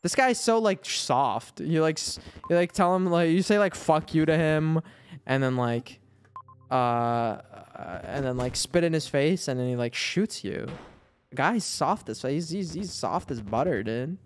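A man's voice: fairly high pitch, lively intonation, unhurried, a little hiss or hum. A man giving casual, profane gameplay commentary, rambling with filler words and mocking the characters in exasperation. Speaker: gamer playing through his backlog.

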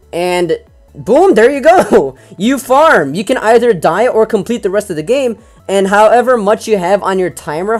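A young man giving casual let's-play commentary as a gaming channel host. He gets excitable, swears often and yells at the game. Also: high-pitched.

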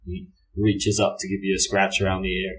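A man with a lowish voice narrates as game master of a tabletop game. He keeps it wry and easy-going. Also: little pitch movement, brisk, slightly rough, rough recording.

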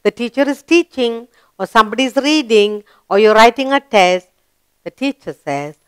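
A woman teacher with a slightly high, smooth, resonant voice. She talks very slowly and deliberately, spells out letters and quizzes young children. The sound is dry and close, with no room echo. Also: lively intonation, a bit bright. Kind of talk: children's lesson narration.

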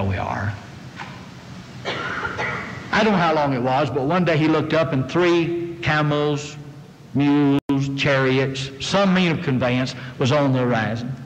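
A man's voice: a little high, a bit bright. A male preacher, giving a folksy sermon and questioning his listeners. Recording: long reverb of a hall.

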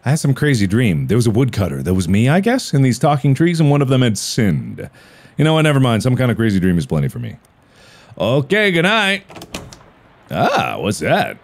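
A man's voice: mid-range voice, huge pitch swings, fairly quick. A man hosting a let's-play video, reading game text aloud with playful quips. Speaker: gaming video host. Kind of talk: casual let's-play commentary.

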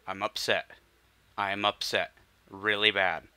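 A man's voice: lowish voice, level tone, a little slow, pushed and bright, clear, resonant tone, dry recording. A young man commentating his gameplay, frustrated and swearing, often muttering under his breath. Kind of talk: let's play commentary.

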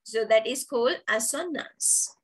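A woman's voice: a little high, a little slow, fairly bright tone, husky, poor audio. A woman teacher giving an online poetry lesson, explaining terms step by step and repeating key words. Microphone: video call.

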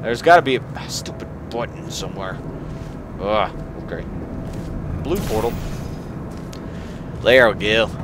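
Excitable young man playing a game. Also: on the low side, normal speed, long pauses, noisy background. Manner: playful, excitable, laughs often, trying out silly accents. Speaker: gaming video creator. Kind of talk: casual let's play commentary.

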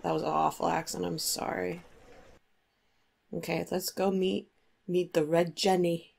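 A woman chats through her gameplay in a goofy, self-deprecating way. Her voice sits a bit low for a woman, with faint noise in the background. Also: little pitch movement, a little slow, gravelly, darkish tone. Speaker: let's play host. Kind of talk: casual gameplay commentary.

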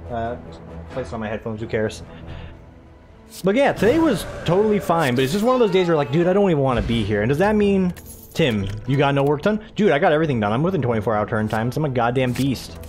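A young American man chats over his gameplay in a loose, meandering way, jumping from the game to stories about his day. He laughs easily, and his voice sits at an ordinary middle pitch. Quiet game music plays faintly behind him. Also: sing-song, fast. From United States. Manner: rambling, chatty, laughs often, jumps between game and his day. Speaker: gaming channel host. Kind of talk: casual let's-play chat.

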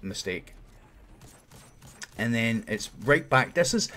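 A man talking viewers through a game run in a casual, explanatory commentary voice-over. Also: medium pitch. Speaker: video game guide creator.

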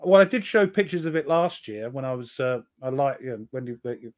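A man's voice: mid-range voice, lively intonation, fairly quick. A middle-aged British man co-hosting a casual live stream, teasing with dry jokes. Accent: British English. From Britain. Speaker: co-host.

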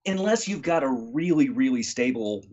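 A man chatting casually as a guest voice actor, relaxed and rambling, with many ums and uhs, from a home recording room. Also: medium pitch, normal speed, lo-fi sound. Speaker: guest voice actor and audiobook narrator. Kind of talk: casual chat. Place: home recording room, not studio quality.

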